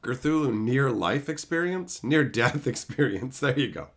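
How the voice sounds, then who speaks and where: A man's voice: medium pitch, measured pace. A man hosting a live stream, reading viewers' names and chatting casually, swearing freely. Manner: animated, reads chat names aloud, swears freely.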